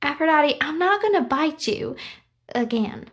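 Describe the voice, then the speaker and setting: High voice, bubbly young woman, wounded but chatty, woman reading her. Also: expressive, measured pace, no room sound, clean studio sound.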